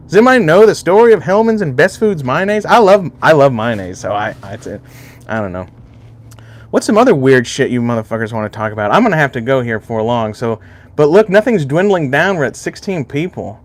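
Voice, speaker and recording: A man's voice: mid-range voice, big pitch swings, normal speed. Male streamer raised in Alaska, mid-range voice, loose rambling chat full of cursing, addressing viewers directly. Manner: rambling and heavily profane, chatting directly to viewers. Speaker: livestream host. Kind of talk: casual livestream chat with viewers.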